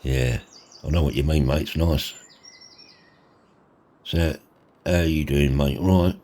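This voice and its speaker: A man's voice: extremely low pitch, slow, darkish tone. A man, chatting in a casual farming roleplay, laid-back and saying mate a lot. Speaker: roleplay host. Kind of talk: casual roleplay narration and chat.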